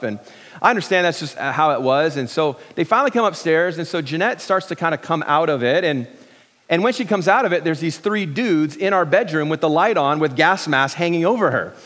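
A middle-aged pastor preaching a sermon in a relaxed, joking way, with many restarts and fillers. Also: male voice, fairly high pitch, in a large hall.

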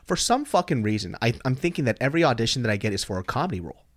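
A young man with a lively, swooping voice, chatting casually on a podcast. He tells candid, profane stories about himself, breaking into bursts of laughter and shouted self-mockery. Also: medium pitch, very fast, no echo. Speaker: comedian and YouTuber guest.

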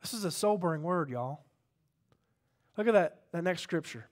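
A male pastor preaching with a notably high voice. He moves from quiet, low passages to loud, fervent peaks, calling questions out to his congregation. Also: expressive, normal speed. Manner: impassioned, swings from hushed to loud, calls out to the congregation. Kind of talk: sermon.

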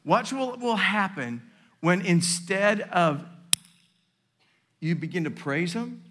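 A man preaching a sermon as pastor, with call-and-response asides to the congregation, rising at times to shouting. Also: high voice, very animated, slow, background noise.

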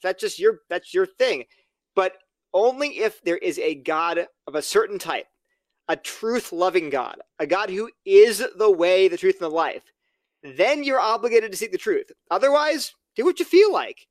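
A man with a high voice and lively intonation, speaking at a moderate pace, is a guest on a podcast. Earnest and argumentative, he explains his view and acts out both sides of hypothetical exchanges in casual conversation. The recording is dry.

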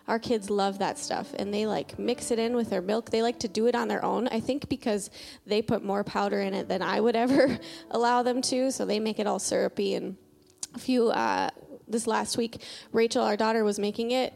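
A woman's voice: mid-range voice, moderate pace, creaky, a little mellow, faint music behind. A woman preaching and leading prayer in a conversational sermon, chatty and full of filler words, telling homely stories.

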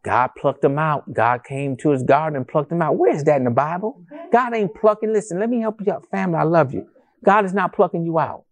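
A male pastor preaching a sermon to a congregation in a church, animated and conversational, with rhetorical questions and calls to the congregation. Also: on the high side, brisk. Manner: addresses the congregation as family, calls for responses.

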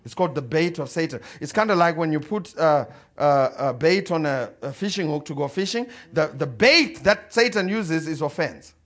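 Animated storytelling preacher, a man. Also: on the high side, moderate pace, few pauses. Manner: animated, swings from loud to quiet. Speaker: pastor. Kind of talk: storytelling sermon.

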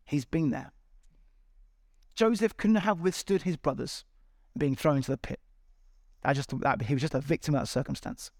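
A man's voice: fairly high pitch, vocal fry, a little mellow, no room sound, clean studio sound. A man preaching a sermon to a large congregation, earnest and encouraging, with repeated appeals. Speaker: pastor. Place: large church hall.

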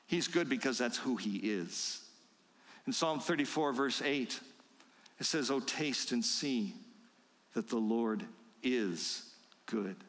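A male pastor preaching a sermon, quoting scripture slowly and with heavy emphasis. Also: medium pitch, a bit bright, big-room sound. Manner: emphatic preaching with slow, stressed scripture quotes. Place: church sanctuary.

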